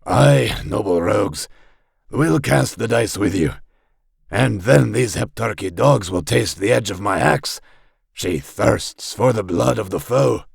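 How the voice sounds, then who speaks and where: Brief: boastful dwarf warrior, read by a man, hammy fake brogue, theatrical, a bit raised in pitch. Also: brisk, vocal fry, no echo, clean studio sound. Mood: bombastic. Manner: theatrical, bombastic.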